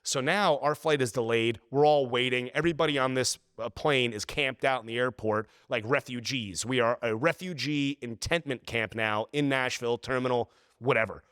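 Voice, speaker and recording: A man hosting a podcast, telling an exasperated travel story in a casual, animated way. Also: mid-range voice, normal speed, smooth, no room sound, studio quality. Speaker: podcast host.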